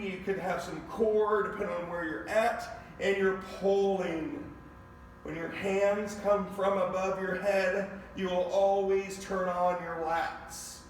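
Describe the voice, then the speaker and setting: A man with a high voice takes his time, leading a home workout in an unhurried, energetic way. He counts out reps and speaks straight to the viewers. The sound is roomy, with a long reverb and a faint hum of ambience behind him. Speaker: fitness coach. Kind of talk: live online workout instruction. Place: garage home gym. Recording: echoey room with faint ambience.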